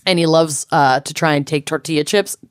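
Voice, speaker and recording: A woman co-hosting a podcast, chatting frankly and with jokes. Her voice sits a little low, recorded dry and close with no room sound. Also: a little fast, clean tone, no room sound. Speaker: podcast co-host. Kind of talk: casual chat.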